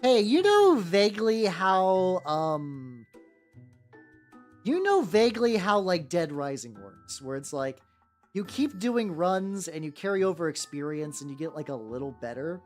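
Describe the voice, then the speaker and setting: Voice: medium pitch, very animated, a little slow, soft background music. A streamer chatting casually while painting miniatures, rambling with lots of "like" fillers and restarts, answering chat as they go.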